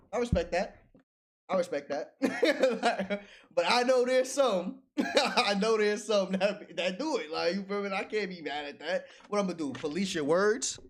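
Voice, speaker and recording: Guy streaming, slangy and laughing a lot, pitch jumps all over, voice sits kinda high. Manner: animated, slangy, laughs often. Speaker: livestream host reacting and reading chat. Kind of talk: casual livestream chat.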